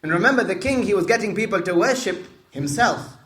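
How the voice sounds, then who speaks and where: A man with a fairly high voice retells a religious story to listeners. He repeats himself for emphasis, stops to explain Arabic words and puts questions to the room. The room gives his voice a roomy echo. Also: animated, fairly quick, a bit bright.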